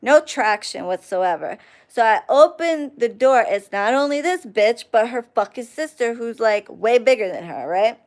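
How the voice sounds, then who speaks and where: Young woman on a livestream telling a wild story, cussing nonstop, stopping to thank chat, smooth clear voice. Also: a little high, normal speed. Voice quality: profane, animated storyteller. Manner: reads and thanks chat viewers mid-story. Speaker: livestream host.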